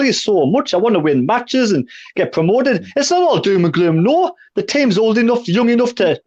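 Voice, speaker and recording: A man in his sixties on a fan chat panel, blunt and grumbling. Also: high-pitched. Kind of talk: casual live fan chat. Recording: dull lo-fi line.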